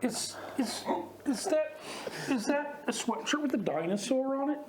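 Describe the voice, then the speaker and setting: A man's voice: very high voice, lively intonation, measured pace, noisy background. A man performing an improvised comedy scene, often stumbling and repeating words. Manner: stammering, restarts words. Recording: roomy stage.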